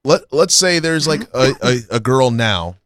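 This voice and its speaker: Man, mid-pitched voice, dry close sound, chatty, lots of fillers. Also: unhurried, dry recording. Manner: animated storytelling with many fillers. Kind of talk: casual comedy chat.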